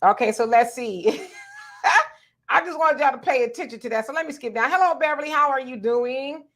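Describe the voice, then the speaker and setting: A woman's voice: high voice, moderate pace, a bit bright. A woman hosting a live talk stream, telling stories with a lot of energy, laughing often and reading viewer comments aloud.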